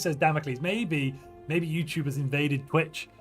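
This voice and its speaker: Guy streaming a strategy game, slightly high voice, chatty and playful, bit of music behind him. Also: steady tone, moderate pace. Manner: chatty, reads viewer chat aloud and reacts; playful, muses aloud while weighing options. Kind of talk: casual livestream gameplay commentary. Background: faint background music.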